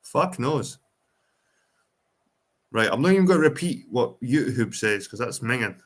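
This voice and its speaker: Scottish male streamer, foul-mouthed, loose and rambling, mid-pitched voice. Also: expressive, measured pace. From Ireland, raised in Scotland. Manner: profane, rambling, reads chat aloud. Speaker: livestream host. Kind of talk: casual livestream chat.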